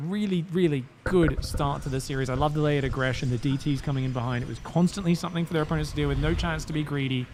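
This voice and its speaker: A man's voice: on the high side, fast, few pauses, darkish tone, a little hiss or hum. A man casting a live strategy game match, joking and bantering energetically with his co-caster. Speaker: esports caster.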